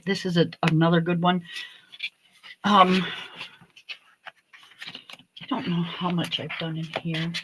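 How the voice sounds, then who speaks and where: A woman hosting a livestream from home, chatting in a meandering, relaxed way. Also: lowish voice, takes it slowly, pauses often, background noise. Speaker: livestream host. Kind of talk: casual chat.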